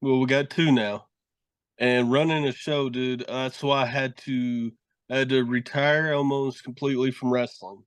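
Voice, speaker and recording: A man's voice: mid-range voice, fairly even intonation, moderate pace, clean tone, no echo. A middle-aged man, a pro wrestler and horror host, telling rambling, profane stories in a casual podcast chat. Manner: profane, rambling storytelling with laughs.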